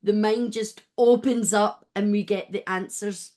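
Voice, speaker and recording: A woman hosting an interview podcast, chatting in a rambling, warm way with many restarts. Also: medium pitch, fairly even intonation, a little slow. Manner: warm, rambling, gets emotional and laughs. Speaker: podcast host. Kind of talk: casual interview chat.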